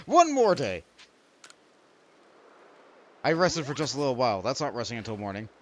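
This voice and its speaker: A man's voice: medium pitch, wildly swooping pitch, moderate pace. A young man streaming a video game, rambling and poking fun at himself while he talks to the creatures on screen. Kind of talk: let's play commentary.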